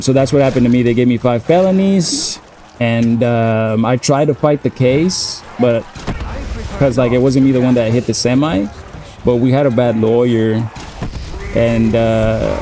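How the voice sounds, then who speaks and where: A man's voice: mid-range voice, dark tone, a little hiss or hum. A man in his thirties telling a personal story in a casual, profane, laid-back way. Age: 30s. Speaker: gaming streamer.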